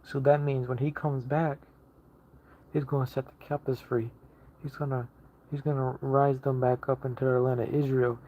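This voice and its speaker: A man's voice: medium pitch, little pitch movement, normal speed. A man delivers a casual online sermon in a mid-range voice, pressing each point with emphatic repetition and frequent restarts. The recording is muffled and lo-fi. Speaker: lay preacher.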